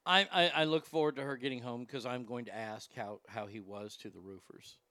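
A man casually telling a story on a chat show, animated and profane, jumping from loud bursts to hushed asides. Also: medium pitch, a little fast, no echo.

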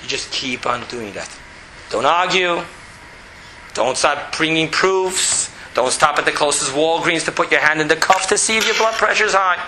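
A middle-aged man teaching a spoken Torah class, animated and repetitive, sometimes dropping to a quiet, even monotone. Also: fairly high pitch, moderate pace. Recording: roomy echo with faint background noise.

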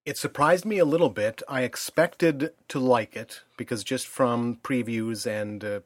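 A middle-aged man hosting a casual home podcast with his daughter, speaking in a thoughtful, measured way. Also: medium pitch, no room sound, clean studio sound. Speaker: podcast host.

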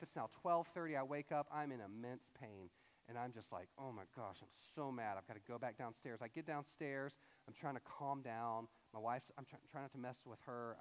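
A man in his thirties telling a personal story in a sermon, acting out his own lines with lively storytelling. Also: medium pitch. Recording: long hall reverb.

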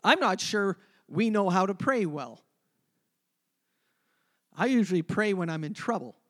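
A man preaching a sermon, emphatic, moving between loud passages and hushed ones. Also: sits high, animated, unhurried. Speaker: pastor.

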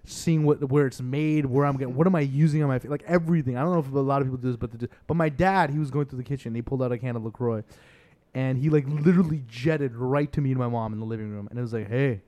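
A man's voice: mid-range voice, racing. A man in his twenties co-hosting a podcast, telling a family story in casual chat and acting out his parents. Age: 20s. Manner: animated storyteller, mimics his parents in exaggerated voices. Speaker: podcast co-host.

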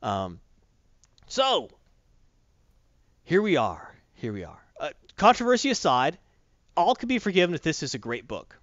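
Male podcast reviewer, high and very animated, blunt and profane; dry, muffled sound. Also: measured pace, pauses often, no room sound. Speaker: comic book reviewer. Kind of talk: casual opinionated review chat. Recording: dull dry close-mic sound.

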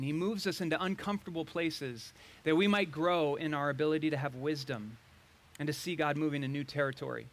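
A man's voice: fairly high pitch, fairly bright tone. A middle-aged male pastor giving a conversational sermon, asking the congregation questions with dry sarcasm.

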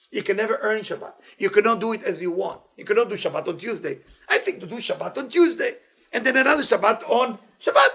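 Gravelly, husky-voiced man teaching Torah. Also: high-pitched. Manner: animated, playful, non-native English phrasing. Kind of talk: weekly inspirational Torah talk.

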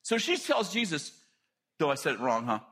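A middle-aged man preaching a sermon, telling stories with lively asides and quick jokes. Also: on the high side. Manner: animated storytelling with quick asides.

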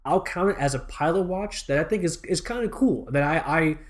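A man's voice: fairly high pitch, expressive, a little fast. A man co-hosting a podcast in casual chat. He rambles with enthusiasm, restarts his sentences and swears freely. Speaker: podcast co-host.

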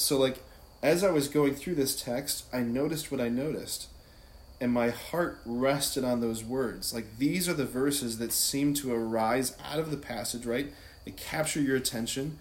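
This priest's talk on prayer feels relaxed and informal, full of "like" and "right?" asides. He has a mid-range voice and speaks a little slowly; the room echoes and there's faint noise behind him.

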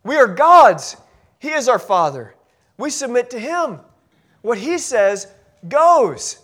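A male pastor with a high voice delivers a sermon. He speaks earnestly, circling back over his phrases and restarting sentences as he presses his point. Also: sing-song, slow, fairly bright tone.

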